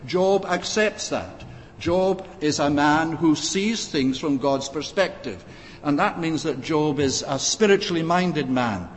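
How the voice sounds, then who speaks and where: A man's voice: a little high, expressive. Man preaching in a reverberant hall. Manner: measured, frequent "uh" pauses, reads scripture in old-fashioned wording. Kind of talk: expository sermon. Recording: long reverb, faint background noise.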